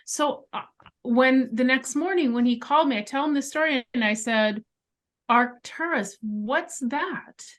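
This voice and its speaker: Higher-voiced woman telling a story. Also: measured pace. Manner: animated storyteller, emphatic asides. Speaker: interview guest, clairvoyant. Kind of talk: storytelling in a conversation. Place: bedroom at home.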